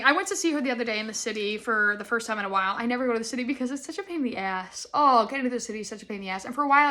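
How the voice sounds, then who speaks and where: A woman in her twenties hosting a casual solo podcast, rambling and self-deprecating, breaking into sudden loud high laughs. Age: 20s. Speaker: podcast host.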